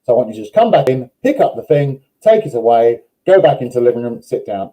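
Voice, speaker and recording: Dark-voiced man giving dog advice. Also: mid-range voice, fast, low-quality recording. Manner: steady, instructive explaining with fillers. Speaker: dog behaviour trainer. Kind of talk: live online Q&A advice.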